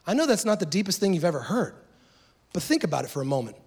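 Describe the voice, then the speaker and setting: Animated preaching man with a higher voice. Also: fast, breathy edge. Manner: conversational, animated preaching with acted asides. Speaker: pastor. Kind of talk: sermon.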